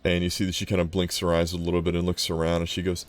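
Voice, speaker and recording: Deep-voiced man narrating as dungeon master. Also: completely flat delivery, very fast, hardly any pauses, no room sound, faint music behind. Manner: loose, descriptive narration with frequent "kinda". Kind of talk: narrating a tabletop game.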